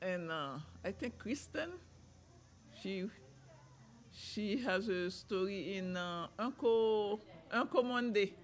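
A woman from Haiti telling a folktale to an audience, animated, with repeated chanting phrases. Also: mid-range voice, takes it slowly, pauses often. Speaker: storyteller, author.

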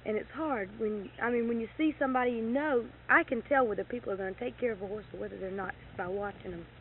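A middle-aged woman chats about her animals in an animated storytelling way, voicing the people she quotes. Her voice sits a little high. The recording is thin and phone-like, with a faint hiss underneath. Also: quick pace. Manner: animated, acts out quoted dialogue, gets heated retelling anger. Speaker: horse owner telling stories. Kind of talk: casual storytelling chat. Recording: tinny lo-fi tape with faint hiss.

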